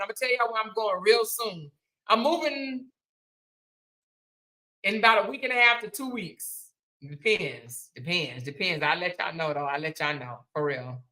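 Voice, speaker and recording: A woman hosts a casual livestream, reading viewers' comments and thanking them as she chats. Her voice sits on the high side, bright and forceful, though the audio quality is poor.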